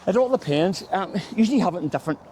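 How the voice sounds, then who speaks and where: A man's voice: sits high, animated, racing, dark tone, a little hiss or hum. A middle-aged man with a Belfast accent, a local guide chatting casually on a walking tour, telling stories and peppering them with "mate". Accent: Northern Irish (Belfast). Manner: chatty storyteller, says "mate" constantly. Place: outdoors on city streets.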